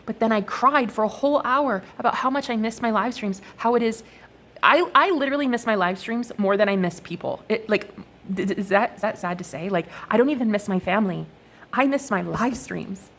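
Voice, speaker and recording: A woman's voice: medium pitch, slight background noise. A young woman talking to her viewers in a casual, rambling, profane monologue while reading oracle cards. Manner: profane, expressive, animated storytelling.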